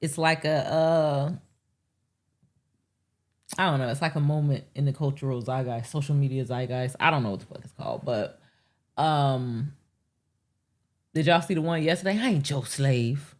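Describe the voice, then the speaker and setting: Low-voiced woman riffing casually on a live show. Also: normal speed, long pauses. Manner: rambling, profane, animated asides with acted quotes. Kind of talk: casual live-stream monologue.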